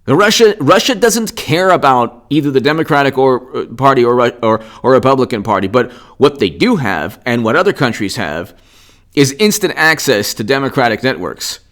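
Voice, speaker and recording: A man's voice: medium pitch, expressive, normal speed, a bit bright. Combative man ranting on politics. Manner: sarcastic. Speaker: political commentator. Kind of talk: unscripted political commentary.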